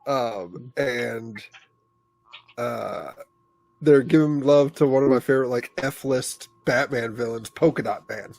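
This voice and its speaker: A man's voice: medium pitch, takes it slowly, vocal fry, darkish tone, dry recording. Enthusiastic man chatting, dry close sound. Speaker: podcast co-host. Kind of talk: casual chat.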